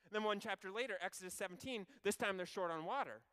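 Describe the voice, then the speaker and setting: A man preaching a sermon, retelling a story in an animated, conversational way with wry asides. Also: high-pitched, fast, clean tone.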